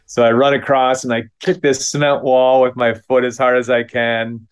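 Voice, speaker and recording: Middle-aged male storyteller from Minneapolis; halting, self-deprecating delivery, average pitch. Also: flat delivery, smooth, lo-fi sound. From Minneapolis, United States. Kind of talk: live comic storytelling.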